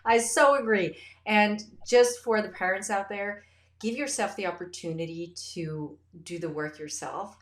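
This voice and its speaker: A woman hosting a podcast interview, talking in an effusive, animated way in casual chat. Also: on the low side. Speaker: podcast host. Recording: roomy echo.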